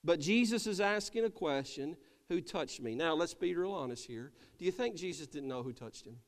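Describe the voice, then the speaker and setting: Man, pastor, sermon, high voice, calls for amens, long church reverb. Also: lively intonation, normal speed. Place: church sanctuary.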